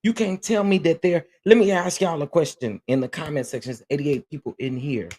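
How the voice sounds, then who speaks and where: A man's voice: a little high, brisk, darkish tone, a little hiss or hum. A man hosting a casual livestream chat, talking earnestly and emotionally, often repeating himself as he answers viewers. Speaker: livestream host.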